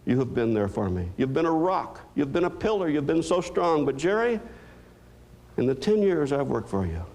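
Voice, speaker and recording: Caring, gentle woman doctor, as a male speaker puts her on, raised pitch. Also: sing-song, moderate pace. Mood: tender.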